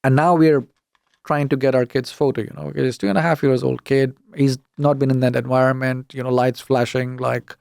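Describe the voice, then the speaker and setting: A middle-aged man from the UK, telling a story as a podcast guest, animated and indignant as he acts out the dialogue. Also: medium pitch, brisk, creaky, dry recording, clean studio sound. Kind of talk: casual storytelling interview.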